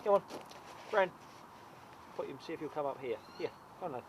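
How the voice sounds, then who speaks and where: A man's voice: a little high, animated, fairly quick. A man who keeps birds, chatting casually and coaxing his birds as he handles them outdoors. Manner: coaxing and affectionate toward the birds. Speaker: bird keeper. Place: outdoors among bird enclosures. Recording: noisy outdoor field recording.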